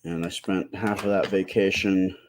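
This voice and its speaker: A man hosting a live stream, chatting casually and answering viewer comments with a slightly stuffy nose and a halting, rambling way of talking. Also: sits low, flat delivery, background noise. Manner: rambling, halting, many fillers and restarts.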